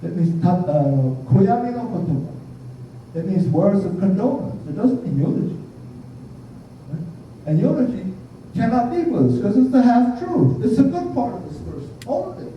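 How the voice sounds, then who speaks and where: An older Buddhist minister gives a blunt, funny sermon in a conversational, storytelling style. His voice is high-pitched and sing-song at a moderate pace. The audio sounds distant and muffled in an echoey hall, with a slight hiss or hum.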